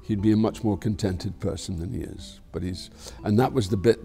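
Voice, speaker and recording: Gravelly older Scottish man, frank and profane. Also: on the low side, steady tone, normal speed, dark tone, faint music behind. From Scotland. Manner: frank and profane, swears freely; reflective, rambling. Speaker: actor being interviewed. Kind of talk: candid conversational interview.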